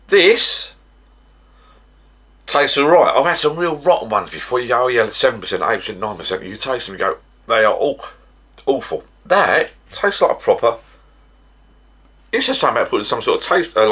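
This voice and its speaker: A man's voice: medium pitch, big pitch swings, normal speed, long pauses, fairly bright tone, breathy edge. A middle-aged man from the UK, chatting casually and rambling in a home vlog from his garden bar shed. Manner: rambling and chatty, with frequent restarts. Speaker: vlogger.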